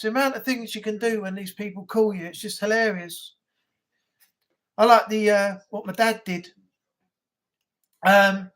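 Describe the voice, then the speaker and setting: A livestream host, chatting casually and rambling through anecdotes, often laughing at their own stories. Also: medium pitch. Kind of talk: casual live chat.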